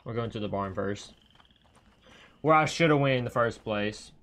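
A man streaming a video game, talking to his viewers in loose, casual commentary. He bursts into excited, foul-mouthed reactions. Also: on the low side, normal speed.

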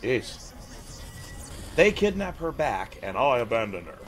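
A man's voice: mid-range voice, big pitch swings, a little slow. A man giving casual, sarcastic commentary while playing a video game. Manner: sarcastic, joking asides. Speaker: let's play gamer. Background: game music.

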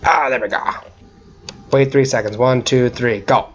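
A young man giving casual gaming commentary, excitable, yelping, whooping and swearing often as he plays. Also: medium pitch, moderate pace, dull audio, slight background noise. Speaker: gaming channel host.

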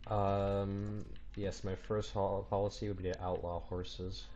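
Casting: young male host, lowish voice, dry exasperated refusals during gaming banter. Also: a little slow, lo-fi sound, slight background noise. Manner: reluctant, flat refusals, exasperated. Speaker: channel host and editor. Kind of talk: casual gaming chat.

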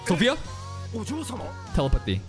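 A man reacting to an anime episode in casual, excitable commentary, thinking out loud and swearing often. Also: fairly high pitch, measured pace, music in the background.

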